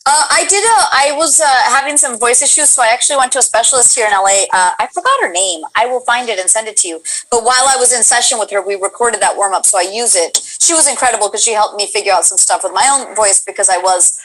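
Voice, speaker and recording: A woman's voice: fairly high pitch, fast talker, few pauses, fairly bright tone, rough recording. A woman who is a voice actress, chatting casually and enthusiastically as a guest. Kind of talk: casual chat.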